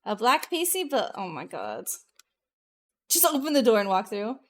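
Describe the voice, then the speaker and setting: A woman VTuber streamer chatting casually with her live viewers, excitable and profane, jumping between loud bursts and muttered asides. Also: fairly high pitch, normal speed.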